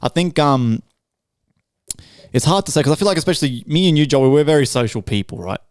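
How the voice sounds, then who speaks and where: A man's voice: fairly high pitch, lively intonation, a little fast, no echo, studio quality. A man co-hosting a podcast in casual chat, slangy and swearing. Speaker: podcast co-host.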